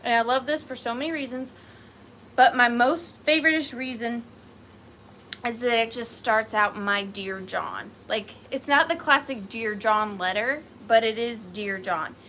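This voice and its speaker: Brief: gushing woman host of a live sale, fast chatter, bright and slightly high voice. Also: steady tone, a little hiss or hum. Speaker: online antique seller. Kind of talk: live-selling vlog chat.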